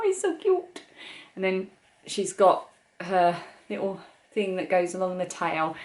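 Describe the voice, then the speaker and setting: A woman in her forties with an English accent, chatting casually on her craft podcast and gushing over the toys she makes. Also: on the low side. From England. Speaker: podcast host. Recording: echoey room.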